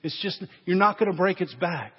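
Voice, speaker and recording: An earnest male pastor preaching to his congregation, pressing them with direct, searching questions. His voice sits a little high for a man and carries a long church reverb, with a dull, muffled recording. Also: lively intonation, normal speed, breathy edge. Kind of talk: sermon.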